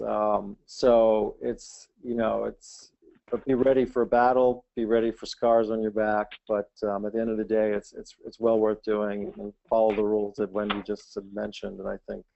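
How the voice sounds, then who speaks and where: A man's voice: lowish voice, little pitch movement, normal speed, gravelly, warm tone. A man speaking as a founder on a webinar panel, reflective, with many fillers and restarts, over dull lo-fi call audio.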